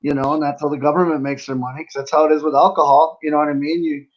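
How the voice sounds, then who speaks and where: Speaking in a fairly high voice with flat delivery, this man, a professional wrestler, is a laid-back podcast guest who laughs easily and keeps saying "you know." The recording is muffled.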